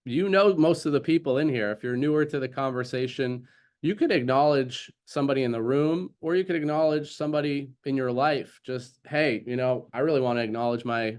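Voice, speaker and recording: A man with a mid-range voice hosting a community video call. He speaks in an encouraging, affirming way as he leads the group. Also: mid-range voice.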